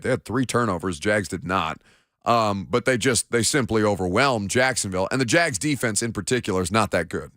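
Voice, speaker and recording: A man hosts a sports radio show, talking football in a relaxed, wry way. His voice sits somewhat low, and the studio sound is close and dry. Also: no echo. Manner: chatty, wry, teasing. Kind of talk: casual sports talk. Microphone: studio microphone.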